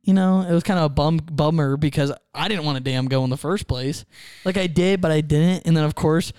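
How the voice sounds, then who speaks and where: A man's voice: fairly high pitch, brisk, clear, resonant tone, dry recording, studio quality. A man, co-hosting a casual podcast and telling a story, acting out what others said. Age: 20s. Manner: animated storyteller, acts out quotes. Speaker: podcast host.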